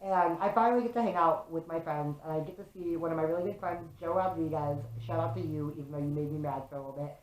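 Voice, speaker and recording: A young woman telling a story to camera in a casual, animated way, swearing freely and saying "like" a lot. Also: deep voice, fast, hardly any pauses. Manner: animated, swears often, fills with "like". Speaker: vlogger. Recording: echoey room.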